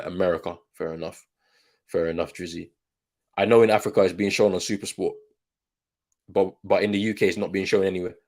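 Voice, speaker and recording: A man's voice: low voice, a little mellow. A man hosting a live football watchalong stream, chatting casually, calling the match and answering viewers' comments.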